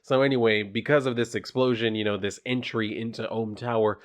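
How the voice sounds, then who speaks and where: A man's voice: lowish voice, steady tone, brisk. A man casually talking through a comic book page by page, rambling with lots of fillers and blunt personal asides. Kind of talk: casual comic review vlog.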